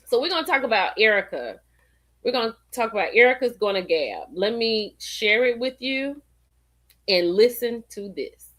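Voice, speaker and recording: A woman hosting a casual livestream, chatty and animated, calling her viewers y'all and girl. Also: a little high, normal speed. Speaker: livestream host. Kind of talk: casual live-stream gossip chat.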